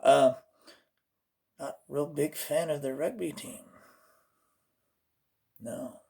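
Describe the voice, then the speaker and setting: A man's voice: a little high, fairly even intonation, slow, vocal fry, mellow, husky. A man from Oklahoma with an Oklahoma accent, hosting a comedic vlog in a rambling, jokey way that keeps slipping into put-on voices. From Oklahoma, USA. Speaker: host.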